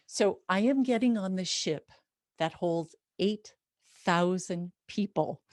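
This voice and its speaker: A woman telling a personal story in an expressive, conversational way. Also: lowish voice, takes it slowly, no room sound, clean studio sound.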